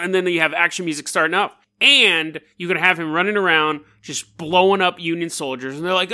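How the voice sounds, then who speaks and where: A man hosting a casual storytelling podcast, talking in an animated, jokey and digressive way. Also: fairly high pitch, brisk, few pauses. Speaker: podcast host.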